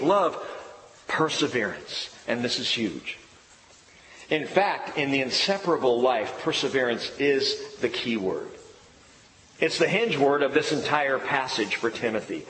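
A man's voice: mid-range voice, pushed and bright, slight background noise. A middle-aged man preaching a sermon as pastor, emphatic and repeating key phrases. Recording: echoey hall with faint ambience.

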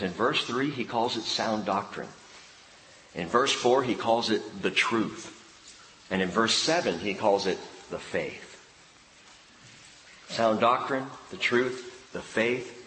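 Man, pastor, preaching in a church hall. Animated, drops to hushed emphasis. Roomy reverb, faint ambience. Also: on the low side, a little hiss or hum. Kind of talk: sermon.

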